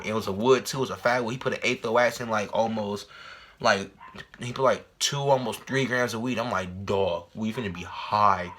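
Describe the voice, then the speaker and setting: A young man telling a casual storytime vlog, rambling and repeating himself in slang, and jumping to loud, high-pitched panic when he acts out scenes. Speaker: vlogger.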